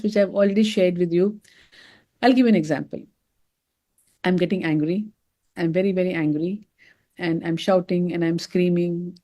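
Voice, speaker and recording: Animated woman giving a talk. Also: mid-range voice. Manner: animated storytelling, addresses listeners as friends. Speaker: doctor giving a wellness talk. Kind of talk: motivational talk.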